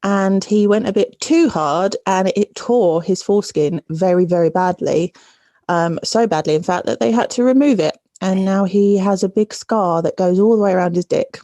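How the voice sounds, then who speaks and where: A woman caller telling a story casually, halting with fillers. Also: medium pitch, dark tone, no room sound. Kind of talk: phone-in story.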